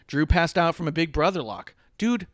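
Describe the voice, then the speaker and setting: A man's voice: a little high, very animated, moderate pace, no echo, clean studio sound. A man co-hosting a podcast, chatting casually about wrestling in rambling, joking, profane banter. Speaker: podcast co-host. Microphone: podcast microphone.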